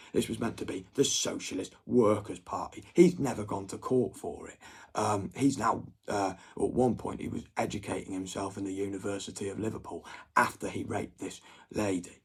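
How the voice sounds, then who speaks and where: A man's voice: on the low side, normal speed, gravelly, husky. A young adult man, ranting at viewers in a rambling, sweary monologue. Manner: agitated, sweary rant.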